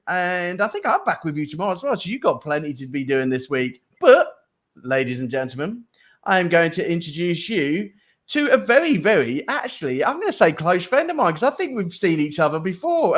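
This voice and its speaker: A man's voice: high voice, very animated, fairly quick, a bit bright. A male talk show host from Cambridgeshire with a Fens English accent, chatting in a jokey, rambling way with lots of restarts. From Cambridgeshire, England. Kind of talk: casual live talk show chat.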